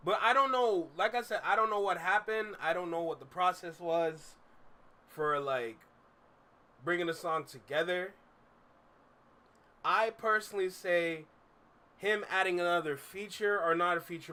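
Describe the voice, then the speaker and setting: A man's voice: a little high, pushed and bright. A young man streaming from his room, chatting candidly and rambling with fillers as he reacts to music. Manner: candid, rambling, repeats himself with frequent fillers. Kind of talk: casual live-stream chat.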